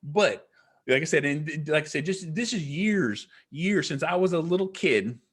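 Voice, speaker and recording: A man with a husky, slightly raspy voice that sits a bit higher than most. He spins a rambling tale as a podcast guest, peppering it with curses and leaning hard on each point. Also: expressive, moderate pace. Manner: profane, rambling, emphatic. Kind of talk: casual storytelling.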